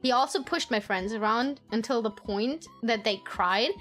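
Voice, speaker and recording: A woman with a bright, high voice chats with her stream audience and swaps childhood stories. She curses freely, laughs often and slips into squeaky impressions of her family. Soft music plays underneath. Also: moderate pace. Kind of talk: casual storytelling chat with viewers.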